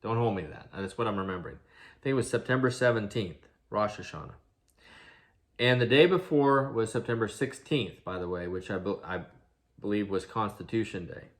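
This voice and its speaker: A video commentator, an adult man who is father to an eighteen-year-old son, delivers an earnest monologue packed with rhetorical questions and restarts. His voice is fairly low and he talks fairly quickly.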